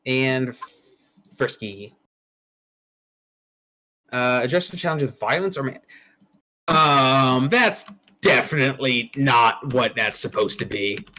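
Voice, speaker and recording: A man's voice: medium pitch, slow pace, long pauses, pushed and bright, poor audio. A man running a tabletop game as game master, talking casually and bluntly and swearing freely.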